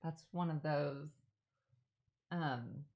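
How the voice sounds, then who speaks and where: A woman's voice: low-pitched, extremely slow, highs cut off. A woman hosting a casual live stream, chatting and answering viewer questions while she works, rambling and correcting herself as she goes. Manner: chatty, rambling, self-correcting, enthusiastic about films. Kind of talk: casual chat. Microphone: streaming setup while working on a craft.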